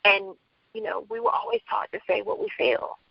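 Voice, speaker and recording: Candid woman with a lively, gravelly voice. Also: medium pitch, normal speed, no echo, dull audio. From Bronx, New York. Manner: candid, re-enacts quoted dialogue. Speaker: author guest. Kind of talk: personal storytelling interview.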